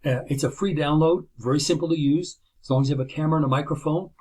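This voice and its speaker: A man's voice: a little high, fast, darkish tone, husky. A middle-aged man, an instructor, gives a recorded video lecture from his chair at home, talking casually with many fillers and "right?" checks. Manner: conversational, many fillers and restarts, tag questions. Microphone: laptop built-in camera and microphone.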